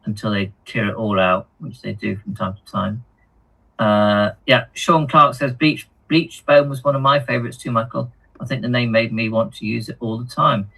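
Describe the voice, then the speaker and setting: Guy hosting a hobby stream, gravelly and husky, stumbles over words a lot. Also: lowish voice, sharp tone, poor audio. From United Kingdom. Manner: halting, repeats words, frequent ums. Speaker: co-host of a hobby live stream. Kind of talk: casual chat reading viewer comments.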